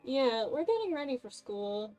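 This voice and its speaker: A woman voicing a chatty young game character on a phone call, with loud, upbeat chatter. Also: sits high, sing-song, moderate pace, faint music behind. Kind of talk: game voice acting.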